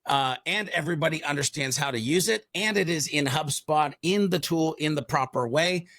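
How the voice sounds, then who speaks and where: A man's voice: on the high side, moderate pace, fairly bright tone, no room sound, studio quality. A man co-hosting a podcast, talking energetically and rambling a bit, with plenty of fillers. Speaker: podcast co-host. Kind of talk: enthusiastic podcast talk.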